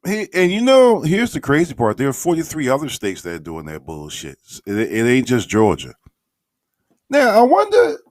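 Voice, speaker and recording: A man's voice: on the low side, dry recording, clean studio sound. A man hosting an online radio show, giving blunt, profane commentary with mocking asides.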